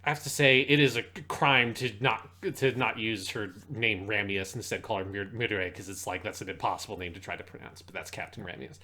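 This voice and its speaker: Male podcast co-host, bright voice, reads fan fiction with exasperated swearing asides. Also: lowish voice, steady tone, a little fast, hardly any pauses. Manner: exasperated, swears freely while ranting. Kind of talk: comedic dramatic reading with commentary.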